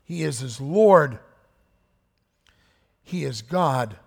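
A man preaching a sermon as pastor, earnest, swinging between hushed and emphatic delivery. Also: fairly high pitch, animated, extremely slow, gravelly, slightly rough. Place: church sanctuary. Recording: echoey church hall with long reverb.

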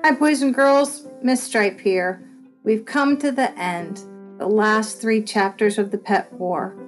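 A friendly, expressive woman reading a chapter book aloud to children. She speaks straight to her young listeners in a warm read-aloud tone, giving the story lively shading as she goes. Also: mid-range voice, slow, faint music behind. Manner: friendly, expressive, addresses kids directly.

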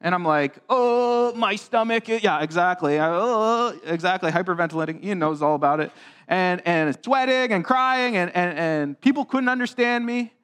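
A man's voice: high voice, expressive, normal speed, fairly bright tone, smooth. A male pastor giving a child-friendly sermon in church, chatty and asking the congregation questions. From grew up on a farm. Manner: conversational, asks the congregation questions.

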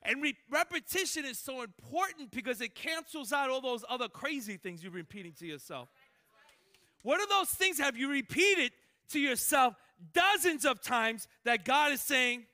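A man preaching a sermon as pastor, animated, swinging between loud emphatic lines and hushed ones. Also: extremely high pitch.

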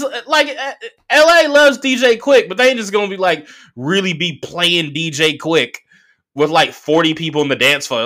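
A man from the Bay Area hosting a solo podcast, telling stories in a loose, profane, animated way and laughing often. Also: sits high, moderate pace. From San Francisco Bay Area. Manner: animated, profane storytelling with mocking voices and laughs. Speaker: podcast host. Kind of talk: casual solo podcast monologue, storytelling.

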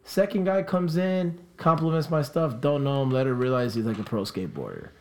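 A young man from South Florida recounts a party story in a relaxed podcast chat. He swears freely and keeps slipping into the voices of the people he quotes, talking the way friends talk across a table. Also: medium pitch, a little fast. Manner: animated, profane, acts out quoted voices.

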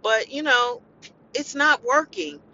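Blunt, bright-voiced woman venting in lo-fi. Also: sits high, takes it slowly, slight background noise. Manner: blunt, emotional, profane venting. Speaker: podcast host and family caregiver. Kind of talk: impassioned personal monologue. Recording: dull lo-fi recording.

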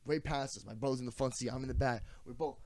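Animated young man telling a story. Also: medium pitch, quick pace, no room sound. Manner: animated storyteller who acts out quotes, swears freely. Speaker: podcast co-host. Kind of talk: casual chat, storytelling.

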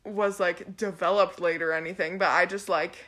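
Bright, giggly young woman. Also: on the low side, steady tone, moderate pace. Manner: giggly, lots of "like". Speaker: podcast guest. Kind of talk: casual chat.

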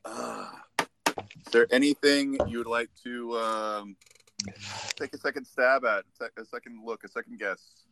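A man's voice: mid-range voice, fairly even intonation, a little slow, gravelly, background noise. A man hosting a live podcast, teasing his co-host in playful, casual banter.

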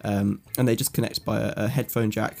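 Man, from England, podcast host, explanatory chat, husky. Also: on the low side, steady tone, brisk, darkish tone. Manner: chatty, explains at length with fillers. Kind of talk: casual chat.

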